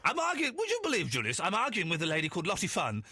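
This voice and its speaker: A man hosting a comic radio phone-in, bantering in a lively way with mock-posh turns and swearing asides. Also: high-pitched, rapid-fire, husky, no echo, clean studio sound. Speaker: radio host. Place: radio studio.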